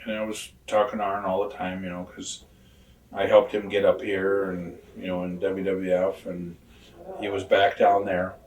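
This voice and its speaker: A man's voice: low-pitched, moderate pace, far from the mic. Man telling a story, a little off-mic. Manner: animated storyteller, acts out both sides of conversations. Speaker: interview guest. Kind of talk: shoot interview storytelling.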